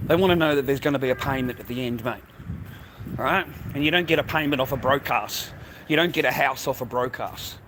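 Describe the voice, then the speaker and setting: A man's voice: mid-range voice, fairly quick. An older man with an Australian accent, livestreaming a blunt, profane street rant and calling everyone "mate" and "bro". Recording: noisy outdoor phone stream.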